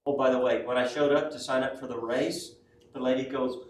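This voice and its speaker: Brisk and medium-pitched, this man keeps his intonation fairly even as he teaches a class conversationally. He weaves personal stories into the lesson and tags lines with "right?" or "yes?", captured by a distant mic in a roomy space with faint background noise.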